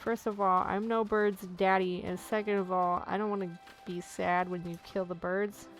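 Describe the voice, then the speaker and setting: A woman's voice: medium pitch, level tone, normal speed, faint music behind. A woman hosting a casual let's play, joking and laughing at the game's dialogue. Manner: giggly, jokey, reacts to game dialogue. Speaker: gaming channel host.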